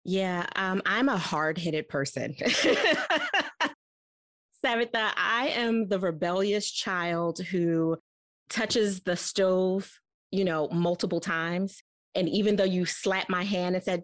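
A woman in her forties telling a personal story as a guest, candid and animated, laughing often as she talks. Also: on the low side, slow, dry recording.

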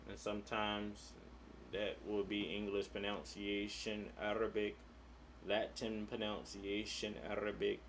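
A man teaching a religious lesson, reciting Arabic verses slowly and drawn out, then translating each into English. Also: lowish voice, a little hiss or hum.

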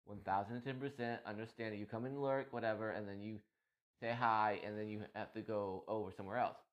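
A man's voice: on the low side, steady tone, quick pace, dull audio. A man talking about his day as a streamer in a casual, emotional, rambling monologue full of restarts. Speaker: streamer and podcast host.

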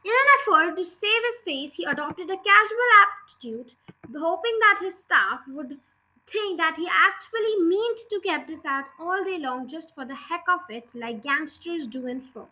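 Woman, storybook reading, expressive, high voice, very bright tone. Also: moderate pace, low-quality recording. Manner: expressive, lively read-aloud. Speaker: narrator.

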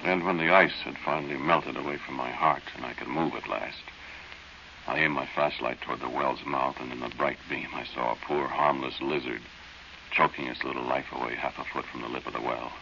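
A plain-spoken man recalls a night of fear, in a very deep voice with a gravelly edge and a bright, forceful tone. He tells it slowly and confidingly, like a 1940s radio narrator. The old recording sounds dull and hissy. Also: steady tone, full character voice. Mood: hushed, reflective. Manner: slow, confiding storyteller.

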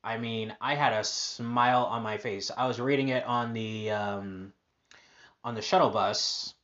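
A man's voice: medium pitch, fairly even intonation, unhurried, fairly bright tone, dull audio. A man hosting a casual personal podcast monologue, upbeat and rambling with lots of fillers and restarts. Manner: upbeat, positive. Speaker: podcast host.

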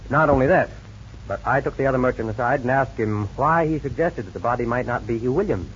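An actor playing a calm, methodical male insurance investigator in a 1940s radio drama, speaking in a measured, businesslike way. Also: mid-range voice, close to an everyday voice. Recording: dull lo-fi old radio recording with faint hiss.

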